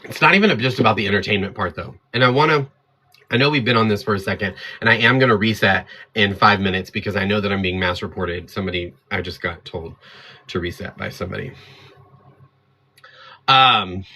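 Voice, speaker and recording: A man on his own livestream, ranting at his chat with a bright, forceful voice. He sounds fired up and defiant, standing his ground and talking straight to the viewers. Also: lowish voice, brisk. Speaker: livestream host. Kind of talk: heated livestream rant to chat.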